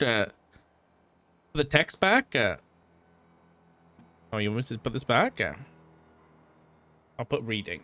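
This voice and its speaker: A man's voice: medium pitch, expressive, normal speed, pauses often, fairly bright tone. A man streaming, reading a fan story aloud, stumbling and restarting often, with side remarks to chat.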